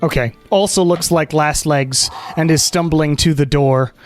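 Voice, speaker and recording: A man running a tabletop game as game master, narrating in an unhurried way with many fillers. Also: fairly high pitch, faint music behind.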